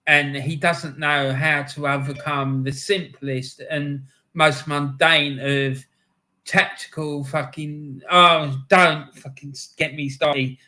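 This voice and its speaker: Furious, bright-voiced man ranting. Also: on the high side. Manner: angry ranting with heavy swearing; shouting. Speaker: live stream host. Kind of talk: live match-day stream, reading chat.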